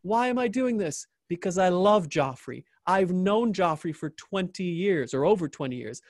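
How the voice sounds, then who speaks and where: Male interview host, enthusiastic and jokey, pitched a bit high, dry sound. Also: moderate pace, no room sound. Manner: animated, joking, repeats phrases for emphasis. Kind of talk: enthusiastic closing endorsement.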